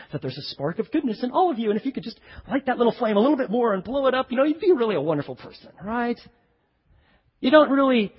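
Male pastor with a husky voice, high and lively, preaching conversationally in an echoey, dull-sounding church. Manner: animated, conversational preaching with asides. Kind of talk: sermon.

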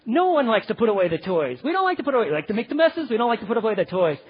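A man teaching parenting in sermon style, animated, often checking in with "okay?". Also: high voice, very fast, slightly rough. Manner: animated, acts out parents and kids, keeps asking "okay?". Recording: dull, lo-fi hall with long reverb.

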